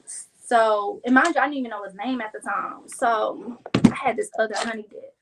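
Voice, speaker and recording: Young woman from kansas city spilling a story while she crafts, bit high voice, really animated. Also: moderate pace, very noisy. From Kansas City, Missouri. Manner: animated, chatty, acts out friends' lines in a higher voice. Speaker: vlogger.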